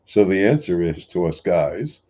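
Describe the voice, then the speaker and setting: A man's voice: sits low, very animated, a little slow, warm tone. A man talking in a folksy, plain-spoken way, joking lightly as he explains. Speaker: speaker answering a question. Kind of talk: relaxed spoken talk. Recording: dull lo-fi sound.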